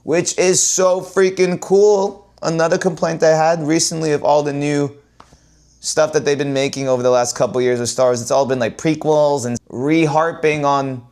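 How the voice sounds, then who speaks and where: A man ranting casually to his viewers as a vlogger, repeating himself and swinging from loud exclaims to low mutters. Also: fairly even intonation, normal speed.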